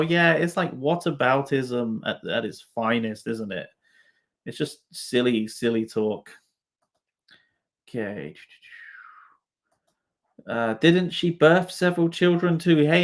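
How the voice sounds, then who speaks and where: A man's voice: medium pitch, fairly bright tone. A man hosting a live stream, reacting to chat comments in a casual, swearing, laughing way. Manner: swears freely, laughs often, talks to comments.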